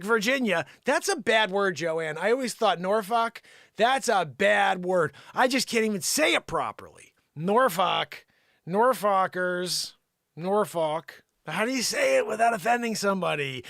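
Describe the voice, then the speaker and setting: A man hosting an improvised comedy news segment, yelling at an unseen listener and then dropping to mutters. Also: high-pitched, big pitch swings, a little slow, creaky, dry recording, studio quality. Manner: yells at an unseen listener, swinging from shouts to mutters. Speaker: comedy show host.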